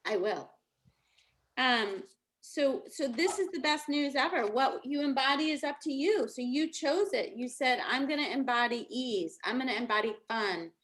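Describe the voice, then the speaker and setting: This middle-aged woman's voice sits high and sounds animated and fairly bright, at a normal speed. As a coach giving a casual motivational talk, she chats and tells stories, laughing a lot.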